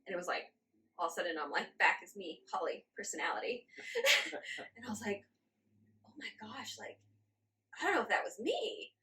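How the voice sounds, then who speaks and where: Animated woman telling a story, laughing. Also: mid-range voice, normal speed, long pauses. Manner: animated, laughs often, acts out her own past reactions. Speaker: guest channeler. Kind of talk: casual interview storytelling.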